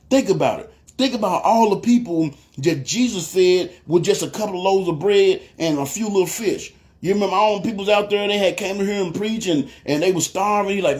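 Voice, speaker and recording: Fast-talking preacher man. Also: sits high, darkish tone. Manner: storytelling with frequent "you know what I'm saying". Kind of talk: testimony sermon.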